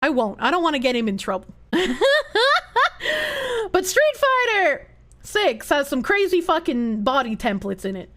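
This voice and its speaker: A woman's voice: sits high, a little slow. A woman livestreamer chatting casually, swearing freely as she reacts to videos. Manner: animated, profane, reacting to videos. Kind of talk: casual chat.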